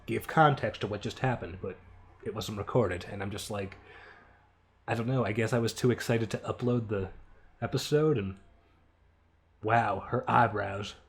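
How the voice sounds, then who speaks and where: A young man giving a casual creator commentary on his own animation, offhand and self-mocking, often laughing and swearing. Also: medium pitch.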